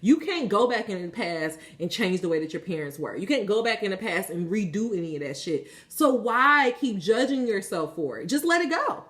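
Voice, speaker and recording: A woman's voice: mid-range voice, animated, normal speed, few pauses. A woman giving a spiritual tarot reading, talking passionately and casually, swearing freely and preaching to her viewers. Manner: casual, conversational. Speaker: tarot reader.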